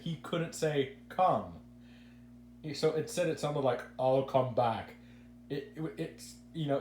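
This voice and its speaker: A man's voice: on the high side, a little mellow. A man hosting a casual podcast, giving rambling opinions and stumbling over repeated words. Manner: rambling, repeats words when starting sentences. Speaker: podcast host. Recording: echoey room with faint hum.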